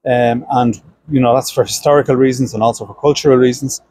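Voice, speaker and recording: A man's voice: mid-range voice, steady tone, fast, darkish tone, breathy edge, no echo, poor audio. A middle-aged Irish man, a senator, speaking earnestly in an interview with frequent restarts and fillers. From Ireland. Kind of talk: political interview.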